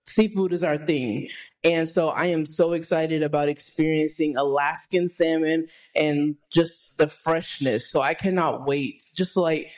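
A woman raised in Texas, co-hosting a podcast and chatting in an enthusiastic, excitable way. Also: sits low, unhurried. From Texas, United States. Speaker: podcast co-host. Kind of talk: casual chat.

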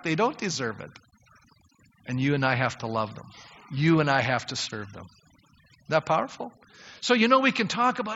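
A man's voice: fairly high pitch, lively intonation, moderate pace, creaky, pushed and bright. A man preaching a sermon as pastor, talking conversationally and directly to his congregation and rising to emphatic appeals. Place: church sanctuary. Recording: long hall reverb, dull lo-fi sound.

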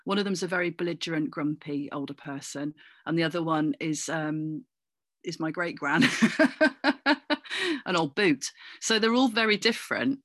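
A woman from Cornwall, an actor and comedian, chatting as an interview guest with animated, anecdotal storytelling. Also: low-pitched, moderate pace, no room sound, clean studio sound. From Cornwall, England. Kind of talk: casual interview chat.

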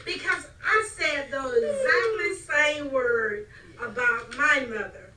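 Older grandmother, unhurried storyteller, bright voice, echoey room, distant mic. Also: high-pitched, animated. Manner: slow, storytelling, laughing as she recalls. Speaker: grandmother and mother of the hosts. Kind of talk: casual family chat.

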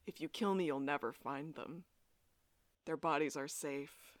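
A woman's voice: deep voice, a little slow, no room sound. A woman co-hosting a podcast, recapping a TV episode in casual chat, swearing freely and acting out the characters' lines. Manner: animated, swears freely, acts out quotes. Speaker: podcast co-host.

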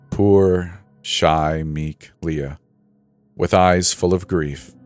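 A man narrating a horror story in a measured, dramatic storytelling voice. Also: low-pitched. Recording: faint background music.

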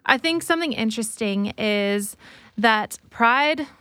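A woman's voice: on the high side, animated, a little slow, bright, forceful tone, clean tone, no echo. A woman who leads worship, speaking earnestly and reflectively in a faith conversation, sometimes acting out remembered dialogue. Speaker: worship leader.

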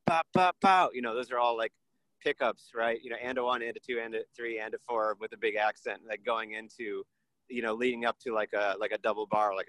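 A man's voice: mid-range voice, a bit bright, no echo, low-quality recording. A man recalling his time as a pianist in casual storytelling, thoughtful and rambling, with many fillers.

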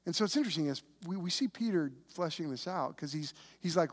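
A man's voice: a little high, expressive, fast, few pauses. A man preaching a conversational sermon, with frequent restarts, who acts out the voices of biblical figures. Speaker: pastor.

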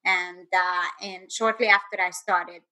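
A woman's voice: lowish voice, fairly even intonation, measured pace, bright, forceful tone, low-quality recording. A woman guest and author telling her personal story in an earnest, intense way, speeding up in bursts.

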